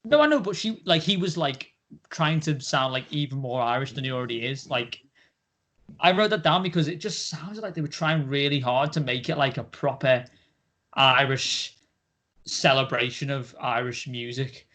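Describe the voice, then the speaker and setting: A man's voice: medium pitch, moderate pace, a bit bright. A young man co-hosting a podcast, chatting casually and rambling with lots of fillers and laughs. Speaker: podcast co-host. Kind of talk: casual chat.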